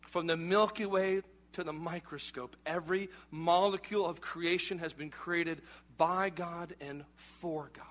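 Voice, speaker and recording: A man in his thirties, a pastor preaching a lively, joking sermon in a conversational way. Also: a little high, a little slow, few pauses. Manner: animated, conversational preaching with jokes.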